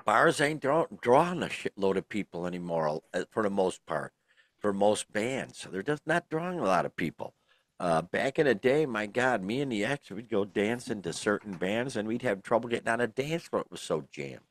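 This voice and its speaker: A man's voice: on the low side, lively intonation, moderate pace. A middle-aged man, co-hosting a casual podcast and rambling through lots of fillers and restarts. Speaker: podcast co-host. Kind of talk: casual chat.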